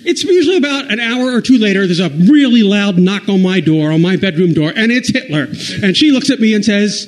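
High-voiced rambling stand-up man. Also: expressive, poor audio. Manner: rambling, self-deprecating, halting restarts. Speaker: comedian. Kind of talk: stand-up storytelling.

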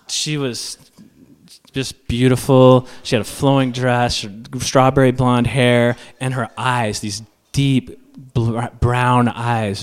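A man's voice: medium pitch, clear, resonant tone. A man telling a comic story to a live audience, self-mocking and acting out each voice. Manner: animated, acts out every voice, self-mocking.

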